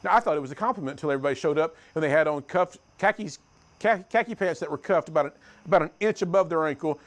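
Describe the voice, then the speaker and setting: A middle-aged man from the United States giving a motivational talk to a youth group, telling stories and swinging between loud and hushed. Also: fairly high pitch, rapid-fire. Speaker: youth speaker.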